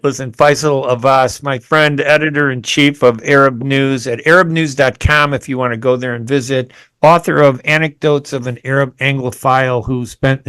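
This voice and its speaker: A male radio host with a smooth, resonant voice and a dry, close sound. He talks in a chatty, brisk way, interviewing a guest. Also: mid-range voice, fairly bright tone, dry recording. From United States.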